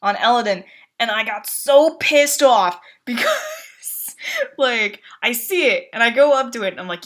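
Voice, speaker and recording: Woman streamer rambling about a game, bright tense voice, laughs a lot and swears, yells out her own reactions. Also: normal speed. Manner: animated storytelling, laughs often, swears, acts out her own outbursts in a high voice. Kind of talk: casual chat on a live game stream.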